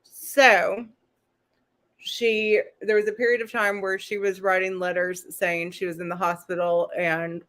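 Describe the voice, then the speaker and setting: A woman hosting a casual live stream, talking through a documentary in a chatty, unscripted way. Her voice sits at a middle pitch, and she stops now and then to read letters aloud. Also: flat delivery, measured pace, a bit bright. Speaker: host.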